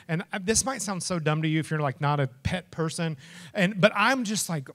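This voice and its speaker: Male pastor, middle-aged, high voice, animated storytelling sermon, acts out quotes. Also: brisk. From Texas.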